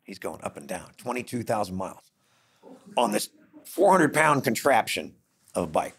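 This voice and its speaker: Gravelly low-voiced man telling a story. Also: normal speed. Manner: animated, acts out dialogue in quotes. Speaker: podcast host. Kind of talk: conversational storytelling.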